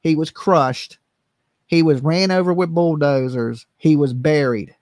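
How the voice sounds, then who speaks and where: A man's voice: a little high, unhurried, a little mellow, no echo, clean studio sound. A man hosting a live stream and commenting casually, rambling with lots of fillers and repeated "right?" questions to viewers. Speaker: livestream host.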